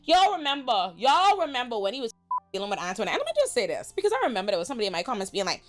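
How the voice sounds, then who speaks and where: A woman hosting a casual TV episode recap, telling it in an animated, slangy, profane way. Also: on the high side, fast, faint music behind. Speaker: host.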